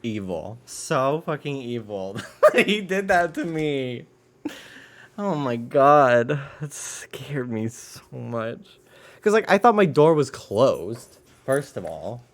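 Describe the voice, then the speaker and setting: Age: unknown. Sex: male. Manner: rambling, profane, lively pitch. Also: slow pace. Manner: profane, laughs loudly, rambling asides. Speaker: game streamer. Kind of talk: casual gaming stream chat. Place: home room at a desk.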